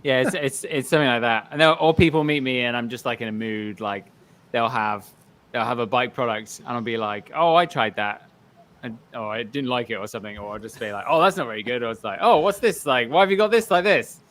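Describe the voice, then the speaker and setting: A man's voice: mid-range voice, brisk, a bit bright. Blunt, self-mocking man on a podcast. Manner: blunt, self-mocking, acts out quoted people. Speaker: podcast guest. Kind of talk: casual podcast chat.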